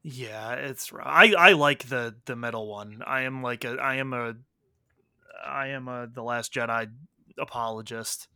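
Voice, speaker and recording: A man's voice: mid-range voice, a little slow, sharp tone, clear, resonant tone, dry recording. A man in casual chat who speaks bluntly, swears freely and gets worked up.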